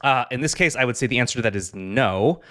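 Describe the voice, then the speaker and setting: A man's voice: mid-range voice, expressive, quick pace, a bit bright, no echo, clean studio sound. A man hosting a podcast, reading out listener comments and answering them in a blunt, matter-of-fact way. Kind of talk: casual podcast chat.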